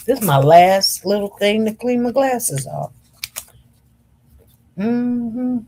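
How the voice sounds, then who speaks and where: A woman hosts a casual livestream and reads viewer comments aloud. She talks slowly and wanders from point to point. Her manner is chatty, and she keeps turning to her audience as y'all. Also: on the high side, animated, warm tone, a little hiss or hum. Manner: chatty, slow and meandering, addresses viewers as y'all. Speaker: livestream host.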